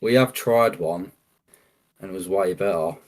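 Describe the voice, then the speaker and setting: Bloke, lowish voice, explains his cleaning kit, lots of restarts and yeahs. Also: a little slow. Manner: explains with many restarts, says "yeah" a lot. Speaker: guest, property cleaning business owner. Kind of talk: casual chat.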